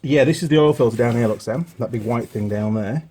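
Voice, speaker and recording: A man's voice: medium pitch, brisk, warm tone, breathy edge. A middle-aged man hosting a workshop repair tutorial, chatting casually and wandering off on stories as he works. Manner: chatty, digressing, self-deprecating. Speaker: mechanic host. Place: home workshop.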